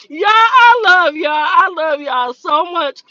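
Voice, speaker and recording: High bright woman telling stories on a livestream. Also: slow, dry recording, highs cut off. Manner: lively, laughs often, acts out quoted dialogue. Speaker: livestream host. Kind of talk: casual storytelling to viewers.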